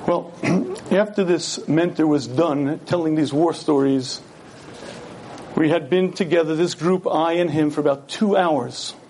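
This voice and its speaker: A man's voice: a little high, measured pace, darkish tone, slight background noise. A man giving an earnest Torah lecture, telling stories and asking his listeners rhetorical questions.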